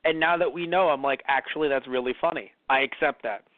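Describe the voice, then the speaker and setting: A man's voice: mid-range voice, a little fast, no echo. A man co-hosting a podcast in casual chat, rambling with many fillers and restarts and acting out quoted lines in shifting voices. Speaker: podcast co-host. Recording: dry, phone-like lo-fi sound.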